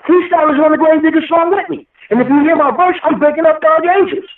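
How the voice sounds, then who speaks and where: New guy telling a heavy story over the phone, high voice, tinny and echoey, kinda far off. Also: fast talker. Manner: emotional, rambling, swears often. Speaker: guest rapper.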